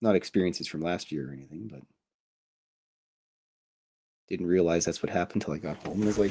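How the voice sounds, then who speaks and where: A man's voice: sits low, a little fast, pauses often, dark tone, a little hiss or hum. A Canadian man who hosts a cartoon show, telling meandering, jokey stories and often interrupting himself. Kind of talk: rambling casual storytelling.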